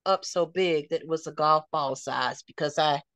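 A woman's voice: low-pitched, normal speed, a bit bright, no room sound. A middle-aged woman from North Carolina with a Southern accent, retelling a personal story in conversation and acting out the quoted dialogue. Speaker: interview guest.

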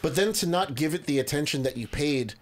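A man's voice: fairly high pitch, animated, fairly quick. Droog grappende man. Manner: dry, joking. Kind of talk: casual podcast chat.

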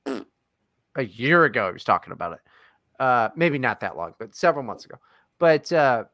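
A man's voice: mid-range voice, big pitch swings, normal speed, bright, forceful tone, no echo, clean studio sound. A man co-hosting a podcast in casual chat, teasing and swearing in jokey banter. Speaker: podcast co-host.

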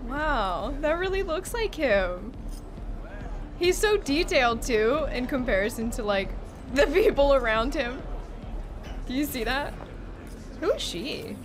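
A young woman streaming a game, excitable, laughing often and swearing freely as she chats with viewers. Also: high-pitched, a little slow, long pauses, noisy background. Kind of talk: live gameplay chat. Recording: clear music behind her.

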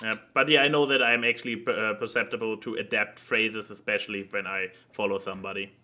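A man's voice: on the low side, fairly even intonation, quick pace, sharp tone. A man co-hosting a casual podcast, chatting with dry, joking asides. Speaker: podcast co-host.

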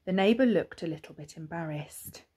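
A woman's voice: fairly low pitch, normal speed, mellow, slightly rough. A woman with an English accent, a primary school teacher, reading a children's book aloud expressively with chatty asides.

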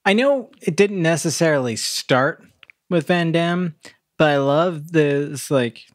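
A man co-hosting a podcast in casual chat, relaxed, mostly giving short replies. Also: on the high side, slow pace, no room sound, clean studio sound. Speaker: podcast co-host.

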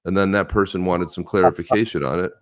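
Low-voiced rambling man in casual chat. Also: fairly even intonation, fast talker. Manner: rambling storyteller, many restarts; jumps between voices for quoted people. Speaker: co-host.

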